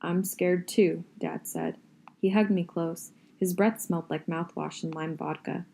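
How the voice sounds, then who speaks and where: A woman reading a novel aloud in a steady, first-person audiobook style. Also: on the low side, unhurried, vocal fry. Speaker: reader.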